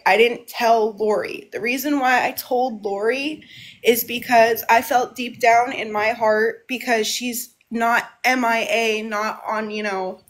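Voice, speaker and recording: Woman, livestreamer, slightly high voice, rambling, repeats herself, at home. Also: a bit bright. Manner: rambling, repeats and restarts phrases. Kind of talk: casual live monologue.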